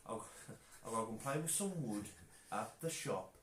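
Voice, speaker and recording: A man's voice: medium pitch, expressive, moderate pace. Joking man on a live stream, echoey room. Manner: joking, banters and slips into silly voices. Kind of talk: casual chat. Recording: echoey room with faint noise.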